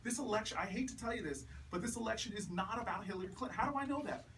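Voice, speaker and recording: A man speaking to a crowd at a house party, telling stories in a stump speech that builds from measured to loud, with laughing punchlines. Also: sits high, animated. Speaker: politician speaking at a campaign event. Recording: distant mic with background noise.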